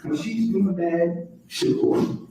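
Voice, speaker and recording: A man testifying as a witness in court, halting and rambling with frequent profanity, recorded far off in a courtroom. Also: high voice, fairly even intonation, dark tone, slight background noise. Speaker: witness on the stand. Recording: echoey courtroom audio from far off.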